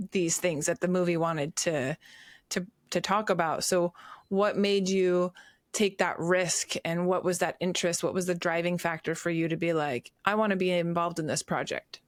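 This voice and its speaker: A woman's voice: fairly low pitch, fairly even intonation, moderate pace, dry recording, clean studio sound. A woman hosting a podcast, asking long, winding questions with hesitant fillers. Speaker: podcast host. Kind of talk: casual interview chat.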